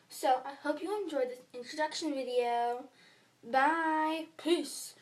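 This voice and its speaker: A bubbly twelve-year-old girl from the USA introduces herself in a casual bedroom vlog. Her voice is high and she talks at an unhurried pace, chatty and playful. She sits a little away from the mic, so she sounds slightly distant. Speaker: vlogger.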